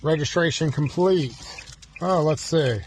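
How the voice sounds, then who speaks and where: Guy in a car talking thru key programming, kinda high voice, fake panicky oh-no bits, faint hiss. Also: a little slow. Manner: exaggerated mock panic, fretful exclamations. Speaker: automotive locksmith demonstrating key programming. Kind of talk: hands-on demonstration with mock panic. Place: inside a car.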